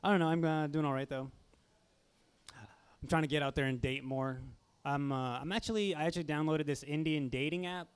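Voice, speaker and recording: A man's voice: fairly high pitch, brisk, clean tone. Nervous young man doing stand-up. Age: young adult. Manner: nervous, self-deprecating crowd work. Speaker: stand-up comedian. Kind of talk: stand-up set.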